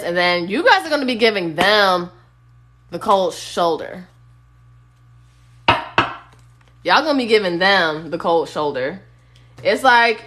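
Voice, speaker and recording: A woman's voice: medium pitch, lively intonation, a little slow, pauses often, a bit bright. A woman giving a casual, blunt tarot reading on a phone live stream, sometimes singing bits of songs. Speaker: tarot reader.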